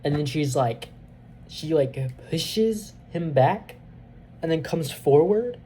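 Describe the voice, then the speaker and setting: A man reviewing a movie, retelling the plot in a casual, excitable, rambling way with many fillers. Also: fairly high pitch, slow pace, a little hiss or hum.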